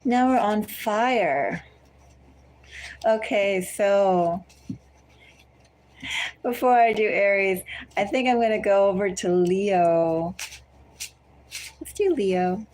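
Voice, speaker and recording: A woman giving a collective tarot reading, speaking slowly and deliberately and repeatedly addressing the listener by star sign. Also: mid-range voice, a little mellow, poor audio. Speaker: tarot reader.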